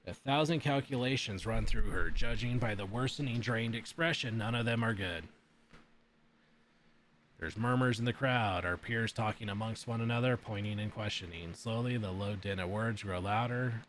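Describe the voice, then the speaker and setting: Man, deep voice, streamer, reading game text aloud, blunt sworn asides. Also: fairly bright tone, slight background noise.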